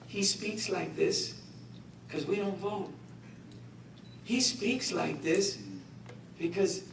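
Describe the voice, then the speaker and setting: A middle-aged man addresses an indoor community gathering in a raised, impassioned voice, with a high-pitched delivery. He is heard from some way off in an echoey room with faint background noise. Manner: impassioned, rhetorical, with joking asides. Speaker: guest speaker. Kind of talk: political speech to a community gathering. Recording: echoey room, voice picked up from a distance.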